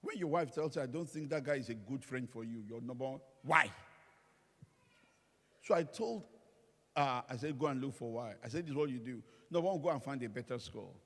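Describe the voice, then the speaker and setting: Talking fast in a mid-range voice, a male pastor gives a lighthearted sermon, acting out quoted people as he tells lively stories. It takes place in a church hall, and the recording has long reverb from the large space.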